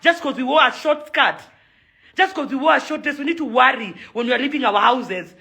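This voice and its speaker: Here a young adult Kenyan woman who organizes events and moves in social circles rants on video with anger and emphasis, repeating herself. Her high voice is brisk, bright and forceful.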